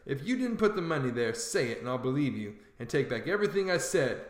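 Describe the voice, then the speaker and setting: A man's voice: medium pitch, very animated, fast, roomy sound, lightly acted. A man voicing a blustering, whiny old male con man who calls himself a king, in a storybook reading. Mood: wheedling.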